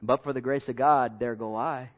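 A male pastor preaching a sermon in a conversational way, repeating himself and jumping from hushed asides to loud bursts. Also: mid-range voice, steady tone, normal speed. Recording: dull lo-fi sermon recording.

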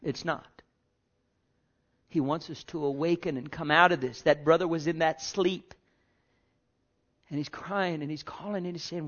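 A man preaching a sermon to his congregation, slow and emphatic, repeating phrases and swinging between quiet and loud. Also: on the high side. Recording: dull lo-fi sound.

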